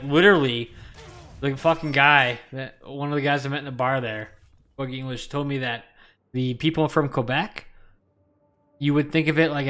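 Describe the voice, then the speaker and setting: Bright-voiced East Coast Canadian man. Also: mid-range voice. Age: 20s. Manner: emphatic, swears freely. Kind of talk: casual chat while gaming.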